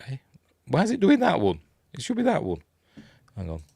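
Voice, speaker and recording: A man's voice: fairly high pitch, wildly swooping pitch, moderate pace, creaky, darkish tone, slightly rough, no room sound. An older man from Yorkshire with a Yorkshire accent, chatting casually about films on his channel, rambling with lots of ums and self-deprecating asides. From Yorkshire, England. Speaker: channel host. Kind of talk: casual live-stream movie chat.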